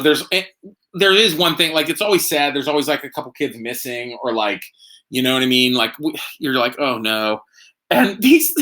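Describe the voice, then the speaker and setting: Guy rambling on a home livestream, pretty hyped, bright sharp voice. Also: on the high side. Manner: rambling and excitable, chatting while drinking. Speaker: host. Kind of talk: casual livestream chat.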